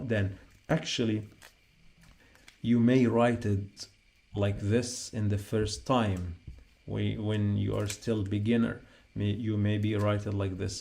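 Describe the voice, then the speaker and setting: Slow gravelly-voiced male teacher. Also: lowish voice, mellow. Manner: repeats sounds patiently, spells them out while writing. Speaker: Arabic teacher. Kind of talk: slow spoken writing lesson.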